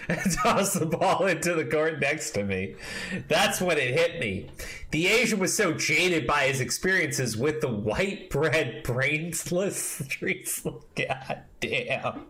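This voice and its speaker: A man's voice: fairly high pitch, animated, takes it slowly, bright, forceful tone, poor audio. A man hosting a commentary show, reading a post aloud with mocking emphasis, swearing and laughing asides.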